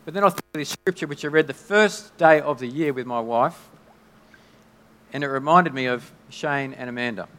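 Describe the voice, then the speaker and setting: A man preaching a sermon in a conversational, halting way, often restarting his sentences. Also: mid-range voice, pushed and bright. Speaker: pastor. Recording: long hall reverb.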